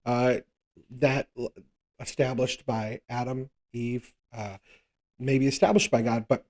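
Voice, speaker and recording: A man's voice: medium pitch, slow, a little mellow. Conversational man teaching Bible study. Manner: conversational, thinks aloud, frequent rhetorical "right?".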